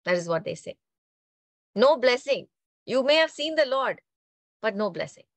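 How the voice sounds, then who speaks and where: A woman telling a religious story in a lively, conversational way, often checking in with her listeners. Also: on the high side, normal speed, dry recording. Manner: animated, conversational, frequent "right?" tags. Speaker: spiritual storyteller. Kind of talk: storytelling talk on mythology.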